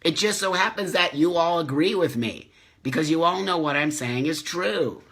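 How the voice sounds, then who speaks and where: A man's voice: on the high side, moderate pace, a bit bright, husky. A middle-aged man hosting a live stream, speaking with passion and repeating himself for emphasis as he reads viewer comments. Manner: impassioned, emphatic repetition. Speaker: host.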